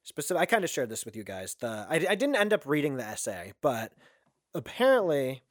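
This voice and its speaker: A man's voice: mid-range voice, sing-song, fairly quick, no room sound, clean studio sound. A man co-hosting a casual podcast, jokey and rambling. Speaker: podcast co-host. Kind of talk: casual comedic discussion.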